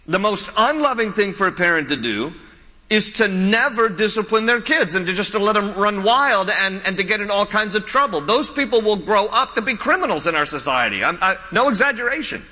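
Man, pastor, sermon, emphatic repeats, joking asides, bright ringing tone, long hall echo. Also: high voice, expressive, brisk. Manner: humorous storytelling asides with laughter. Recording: long reverb of a large hall.

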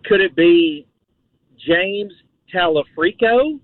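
A man's voice: sits high, animated, slow pace, no room sound. Polite male caller on a tinny phone line. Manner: polite, hesitant, dry joking. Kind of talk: call-in radio conversation. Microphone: telephone.

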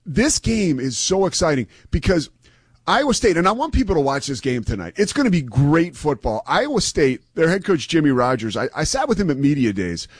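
A man's voice: on the high side, sing-song, a little fast, slightly rough, no echo. Chatty male sports broadcaster. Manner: chatty, rambling with restarts and laughs. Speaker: sports broadcaster, guest co-host. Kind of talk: sports talk radio chat.

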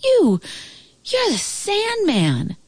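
A woman voicing a frightened, excited little boy in a storybook read-aloud, with high, breathless exclamations. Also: unhurried, slightly rough, no echo, exaggerated voice. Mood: amazed.

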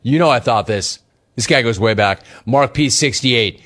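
Here a male sports talk radio host pokes fun at rival fans, laughing and teasing as he reads chat messages out loud. He speaks at a normal speed in a mid-range voice with a fairly bright tone.

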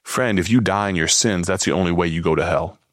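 A man's voice: low-pitched, fast talker, no echo, studio quality. A man preaching a radio sermon, pleading directly and earnestly with the listener.

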